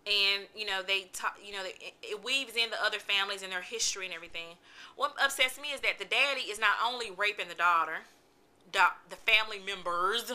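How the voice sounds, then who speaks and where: A woman, giving a chatty, animated book review in a casual vlog. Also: medium pitch, fast. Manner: animated, chatty, vents with exclamations.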